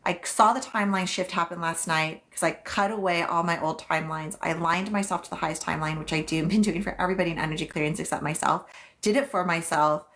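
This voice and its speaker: A woman's voice: lowish voice, steady tone, fast, fairly bright tone. Chatty woman hosting a psychic livestream. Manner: chatty, swearing, repeats phrases for emphasis. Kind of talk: casual livestream chat. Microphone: phone.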